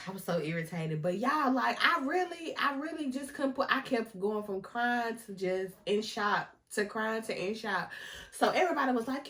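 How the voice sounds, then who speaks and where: A young woman telling a casual storytime vlog, animated and often laughing, talking straight to her viewers. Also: a little high, moderate pace. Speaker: vlogger.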